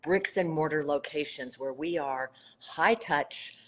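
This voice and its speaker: Unhurried and low-voiced, a middle-aged woman from South Carolina speaks over a low-quality recording with faint background noise. As a nonprofit founder on an Instagram live call, she shares her story warmly and sincerely, building to emphatic swells.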